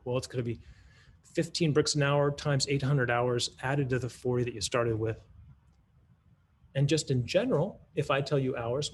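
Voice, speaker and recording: A man's voice: mid-range voice, moderate pace, slight background noise. A man giving a conference talk that models a math lesson, in a teacherly way, thinking aloud with restarts and rhetorical questions. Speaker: math curriculum presenter.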